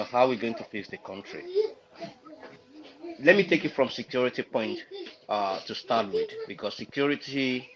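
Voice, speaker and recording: A man's voice: on the low side, muffled recording. A man from Nigeria on a livestream panel, talking unhurriedly, searching for words and citing proverbs. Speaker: panel guest. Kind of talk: casual discussion on a livestream.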